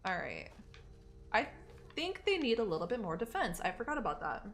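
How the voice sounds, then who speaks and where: A woman's voice: medium pitch, very animated, moderate pace, a bit bright. Woman streamer chatting w her viewers while she plays, swears a lot, voice all over the place, little bit of faint noise behind. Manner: casual, profane, talks to herself and chat. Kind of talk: live-streamed gameplay chat with viewers.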